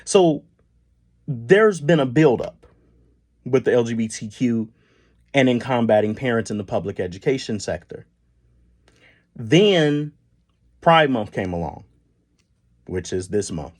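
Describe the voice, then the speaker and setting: A man's voice: medium pitch, lively intonation, a little slow, long pauses, a little mellow. A man hosting a solo podcast, speaking earnestly and emphatically, often restarting words and pushing up on key points. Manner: earnest, emphatic, with frequent restarts and rising stresses. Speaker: podcast host. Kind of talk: solo commentary monologue.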